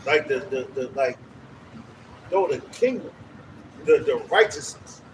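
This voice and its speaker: A man preaching on the street in an emphatic, profane, animated way. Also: medium pitch, measured pace. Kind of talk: casual religious discussion. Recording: outdoor street recording from a distance with traffic noise.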